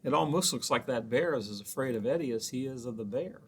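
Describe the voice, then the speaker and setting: A man's voice: mid-range voice, expressive, fast talker, breathy edge. A man who is a children's librarian, reading a picture book aloud with chatty asides to the children.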